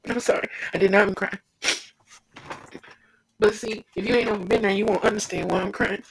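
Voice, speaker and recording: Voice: medium pitch, fairly even intonation, a little fast, creaky, noisy background. A preacher giving an informal devotional sermon, fervent and repetitive, speaking straight to the listener.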